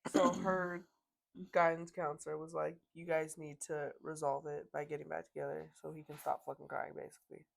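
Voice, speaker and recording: Low-voiced woman reading stories aloud. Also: flat delivery, normal speed, creaky. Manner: conversational, reads posts aloud with laughs and fillers. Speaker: podcast host.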